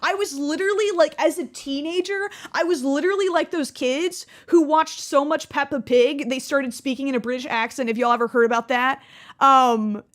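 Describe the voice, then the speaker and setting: A woman, chatting casually and mocking herself as a gaming creator looking back on her early videos. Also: sits high. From Texas. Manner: chatty, many fillers and quick self-mocking asides. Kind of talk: casual reflective chat.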